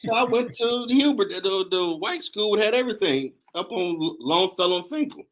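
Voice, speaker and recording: A man hosting a casual chat, telling animated, laughing stories in slangy talk. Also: high voice, fairly quick, a little hiss or hum. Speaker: host.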